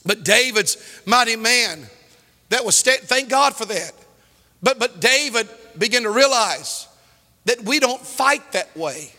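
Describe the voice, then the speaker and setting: High, bright preacher in a reverberant church. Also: male voice, lively intonation, unhurried. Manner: preaching with loud outbursts and storytelling asides. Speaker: pastor. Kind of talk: sermon.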